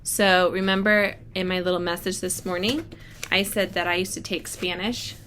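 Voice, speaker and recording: A woman teacher reads a picture book aloud to children as a lesson, thinking aloud to model how to work out unfamiliar words. Her voice is medium-pitched and a bit bright, with slight background noise.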